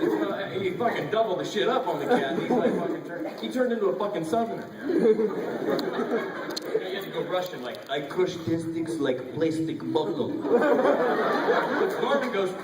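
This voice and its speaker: A man's voice: high-pitched, a little fast. A man on a convention panel telling stories to the audience, swearing and laughing a lot. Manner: profane, animated, laughing storyteller. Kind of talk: casual storytelling with audience. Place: convention hall, crowd around. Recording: echoey hall from far off, loud crowd noise.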